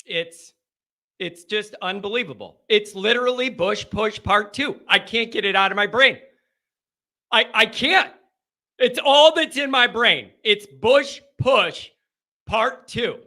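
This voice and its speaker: Male sports talk host, gravelly and slow, exasperated rambling rants. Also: high voice, sharp tone. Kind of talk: live game reaction talk show.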